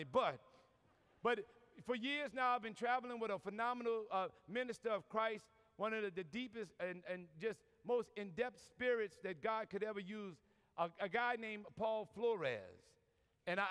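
New orleans priest cracking jokes, super high smooth voice, big echoey hall sound. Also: male voice, moderate pace, a bit bright. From New Orleans, USA. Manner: folksy, joking, lots of y'all. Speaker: Catholic priest giving a talk. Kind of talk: preaching talk with humor. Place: large convention hall. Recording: long reverb from a large hall.

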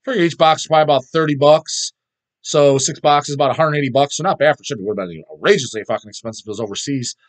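A man's voice: on the high side, quick pace. A middle-aged man chatting casually as a vlog host, rambling and swearing constantly as he answers viewer questions.

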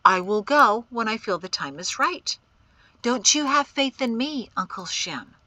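A woman reading an audiobook, voicing a calm and determined young woman who refuses to leave her home. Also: on the high side, unhurried, pitched above the performer's own voice. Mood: gentle. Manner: cool and resolute.

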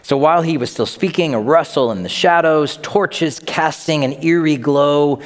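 A middle-aged man preaching a sermon as a pastor, telling stories in an animated way and acting out the voices he quotes. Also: a little high, moderate pace. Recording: long hall reverb.

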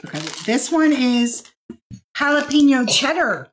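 A woman's voice: high voice, unhurried, a little hiss or hum. A woman hosting a live online shopping sale, talking casually and upbeat with lots of fillers and restarts.

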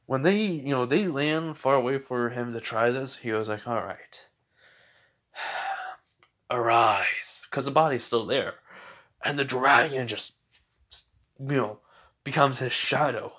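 Young male storyteller, improvised and rambling, filler-heavy, mid pitch. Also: fairly bright tone. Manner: rambling, full of fillers and self-corrections. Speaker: fan fiction storyteller.

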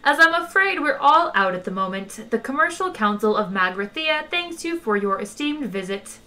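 A woman's voice: on the high side, very animated. Woman doing an old, courteous, menacing recorded announcement. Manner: slow, polite, quietly threatening.

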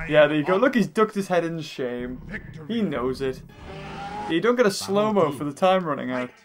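An excitable man with a high voice that leaps all over the place, talking over a game as he plays. He rambles, laughs easily and yells at the screen, with clear game music behind him. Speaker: let's play host. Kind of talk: gameplay commentary.

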